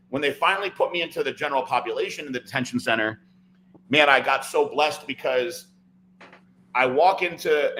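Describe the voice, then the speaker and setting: A man's voice: medium pitch, fairly bright tone, slight background noise, poor audio. A man, a podcast guest, telling a long personal story in casual chat, often tagging "right?" and "like". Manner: rambling, fills talk with "like" and "right?".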